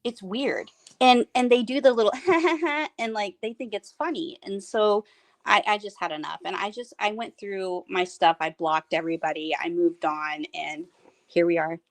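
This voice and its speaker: A woman's voice: medium pitch, steady tone, moderate pace, no echo. A woman in casual chat, telling a rambling story with frequent laughs.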